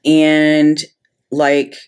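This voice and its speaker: A woman's voice: deep voice, completely flat delivery, extremely slow, a little mellow, clear, resonant tone. A middle-aged woman casually telling a story while she plans, chatty and exasperated. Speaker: planner vlogger.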